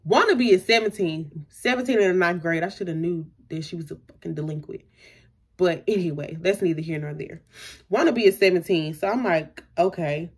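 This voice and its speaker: A young adult woman vlogger with a husky, lowish voice talks a little fast. She tells a personal story casually, full of fillers, and acts out what people said.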